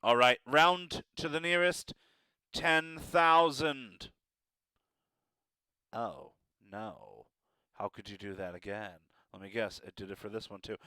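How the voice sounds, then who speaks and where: A man's voice: mid-range voice, fairly even intonation, takes it slowly, pushed and bright, clean tone, no room sound. A man teaching a math lesson, encouraging and playful with joking asides.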